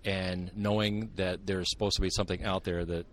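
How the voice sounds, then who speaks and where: Deep-voiced older man from Montana, joking. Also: moderate pace. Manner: joking, sarcastic, animated storyteller. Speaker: guest, author and Bigfoot researcher. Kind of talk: casual podcast interview.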